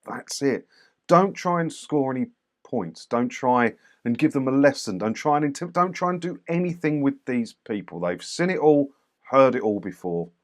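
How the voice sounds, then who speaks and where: A man's voice: medium pitch, expressive, normal speed. A man giving casual, wry commentary on video clips, dismissive of unnecessary arguing. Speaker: commentator reviewing doorstep clips.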